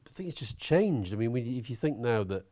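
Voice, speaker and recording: A man talking as an interview guest, opinionated and animated, swearing now and then. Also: medium pitch, a little fast. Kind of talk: conversational interview.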